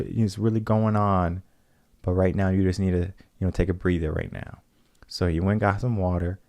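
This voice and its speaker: A man with a low, warm voice hosts a solo coaching podcast. He talks in a relaxed, explanatory way and keeps asking "right?". The sound is dry and close to the mic. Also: no echo. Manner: conversational, often adds "right?".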